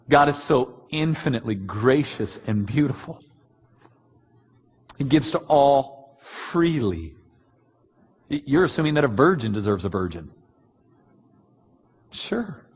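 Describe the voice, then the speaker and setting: A man preaching a sermon, answering written questions earnestly and bluntly with many pauses. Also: medium pitch, slightly rough. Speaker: pastor. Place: large church hall. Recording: long hall reverb.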